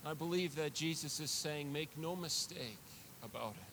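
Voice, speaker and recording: A man's voice: a little high, moderate pace, a bit bright, slight background noise. A man preaching a sermon as pastor, earnest and confessional, often repeating words as he builds a point.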